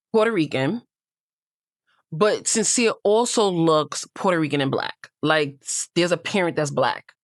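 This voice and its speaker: A woman's voice: sits low, no echo, studio quality. A woman hosting a casual reality TV recap, chatty and gossipy, with frank asides.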